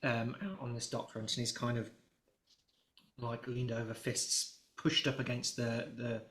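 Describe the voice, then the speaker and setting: A man's voice: medium pitch, little pitch movement, measured pace, a bit bright. Rambling man narrating a tabletop game. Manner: rambling, many fillers and restarts. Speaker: game master. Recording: roomy echo.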